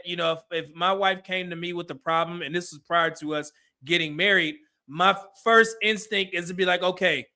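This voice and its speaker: High-voiced animated man. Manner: animated, acts out quoted dialogue. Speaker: host reviewing a dating show. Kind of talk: casual live commentary.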